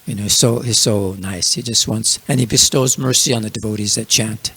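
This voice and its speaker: Gravelly man giving a casual scripture class. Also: lowish voice, steady tone, moderate pace, sharp tone. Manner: casual, filler-heavy storytelling. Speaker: religious class speaker.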